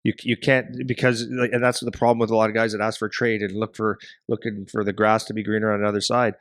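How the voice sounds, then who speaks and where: A middle-aged man co-hosting a hockey podcast, telling a story in a rambling, animated way and acting out voices. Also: fairly low pitch, fast talker, no echo, studio quality. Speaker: podcast co-host and hockey parent.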